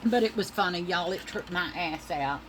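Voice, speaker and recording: A woman's voice: lowish voice, moderate pace, noisy background. A middle-aged woman, telling rambling, profane stories in a casual monologue and calling her listeners y'all.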